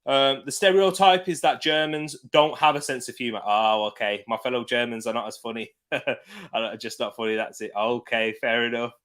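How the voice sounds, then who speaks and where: A man's voice: mid-range voice, fairly even intonation, normal speed, a bit bright. A man with a British accent hosting a live football watch-along stream, chatting casually, laughing often and reading out viewer comments while sitting back from his desk mic. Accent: British English. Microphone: desk mic, sits back from it.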